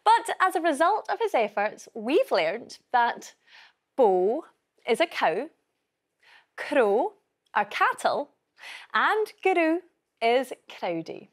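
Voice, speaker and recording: A woman hosting a language programme, bright and bilingual. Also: sits high, takes it slowly, long pauses. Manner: bright, lively, switching between languages. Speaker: host. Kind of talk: studio presenting.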